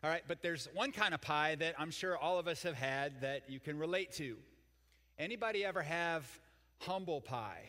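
A man's voice: a little high, moderate pace, sharp tone, in a large hall. An older man preaching a sermon as pastor, folksy and joking with the congregation. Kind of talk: sermon with jokes.

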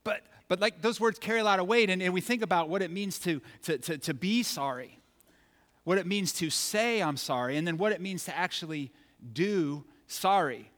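In a church sanctuary with long hall reverb, a pastor preaches a conversational, playful sermon, acting out scenes from his childhood. His high-pitched voice moves at a normal speed with a fairly bright tone.

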